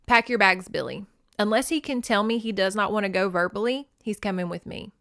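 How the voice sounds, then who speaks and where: A woman's voice: medium pitch, a little fast, vocal fry, a bit bright, no room sound, clean studio sound. A woman quoting a brusque, demanding aunt in a slightly raised voice. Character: cold, bossy rich aunt.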